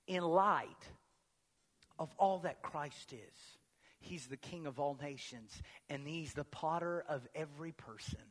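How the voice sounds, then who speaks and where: Dynamic male pastor preaching in a reverberant hall. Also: slow. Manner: swings from booming emphatic proclamation to hushed near-whispers. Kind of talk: sermon. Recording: long reverb of a large hall.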